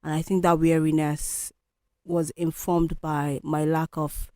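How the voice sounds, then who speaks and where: A woman's voice: low voice, flat delivery, measured pace, dark tone, no room sound, clean studio sound. A woman hosting a solo podcast, talking in a candid, reflective, conversational way. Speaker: podcast host.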